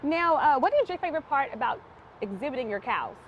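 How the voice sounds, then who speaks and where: High-voiced young woman reporting live from a fair. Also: lively intonation, quick pace, dull audio, slight background noise. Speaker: field reporter. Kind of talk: live TV field interview. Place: outdoor county fair barns.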